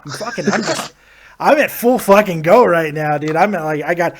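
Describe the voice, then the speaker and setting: A young man with a high, bright-edged voice runs a casual live call-in show. He jokes loudly, swears freely and breaks into quick laughs between callers. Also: lively intonation, a little hiss or hum. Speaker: show host taking calls.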